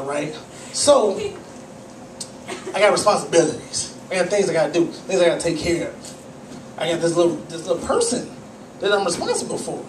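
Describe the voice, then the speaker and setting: A male stand-up comedian telling profane, animated stories at a small cafe comedy night. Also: very high voice. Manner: profane, animated storytelling with acted-out voices. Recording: echoey room, distant mic, faint noise.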